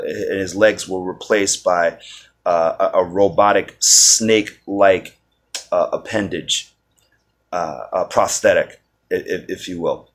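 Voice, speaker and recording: A man with a low voice talks in an unhurried, rambling way. He stumbles over his words, repeats himself and fills the gaps with "uh" while reviewing casually. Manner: rambling, many restarts and fillers. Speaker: video reviewer.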